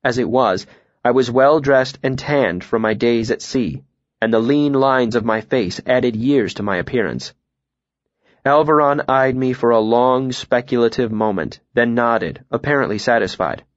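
A man reading a first-person novel aloud in a calm, even, reflective way. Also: medium pitch, measured pace, no echo, muffled recording. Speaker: audiobook narrator.

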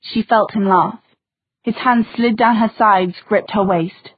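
A woman narrating an audiobook in a soft, intimate reading style, on a tinny recording. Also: mid-range voice, fairly even intonation, measured pace, breathy edge, dry recording. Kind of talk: scripted narration.

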